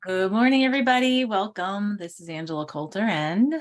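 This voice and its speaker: A woman co-hosting a casual spiritual talk over a video call, chatty, full of fillers, and quick to laugh. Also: medium pitch. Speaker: co-host.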